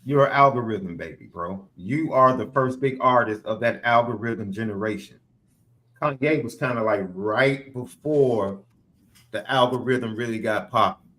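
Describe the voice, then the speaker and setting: A man co-hosting a casual podcast, calmly explaining and retelling what others said. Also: medium pitch, normal speed. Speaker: podcast co-host. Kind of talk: casual sports podcast chat.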